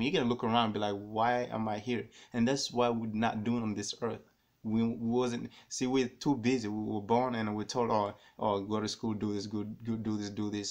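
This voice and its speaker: A man vlogging to camera, telling a personal story in a rambling, animated way and repeating himself often. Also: lowish voice.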